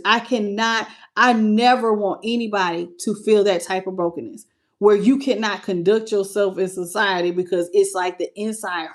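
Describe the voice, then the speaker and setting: Woman, spiritual channel host; earnest, loose conversational delivery. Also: mid-range voice. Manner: earnest and intimate, with loose casual phrasing. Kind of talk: casual livestream talk to viewers.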